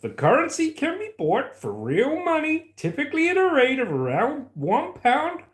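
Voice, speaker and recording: A man's voice: very high-pitched, huge pitch swings, normal speed, a bit bright, reverberant, voice pushed up, full character voice. An English man putting on an exaggerated Canadian accent to read a news paragraph aloud on a livestream. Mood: playful. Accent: put-on Canadian.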